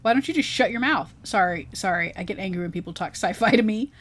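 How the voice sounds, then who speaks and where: A woman's voice: medium pitch, expressive, fast talker, lightly acted. Cranky old-fashioned man, as a woman reads him. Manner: snappish and cranky. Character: grumpy old-fashioned man stuck in a bin.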